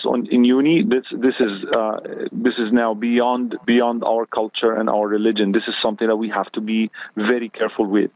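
A man's voice: mid-range voice, no room sound. A man giving earnest religious advice as a guest on a radio show, hesitating often as he speaks. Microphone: phone. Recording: tinny phone line.

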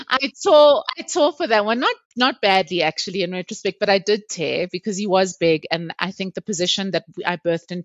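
A woman, a podcast guest telling a personal story in a lively, candid way and laughing often. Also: mid-range voice, dry recording. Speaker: interview guest. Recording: dull, slightly lo-fi dry recording.

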